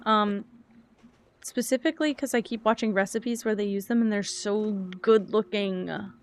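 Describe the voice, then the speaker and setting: A woman's voice: medium pitch, fairly even intonation, moderate pace. Chatty young woman streaming a game. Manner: chatty, rambling, thinks aloud, reads chat. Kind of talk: casual gaming stream chat.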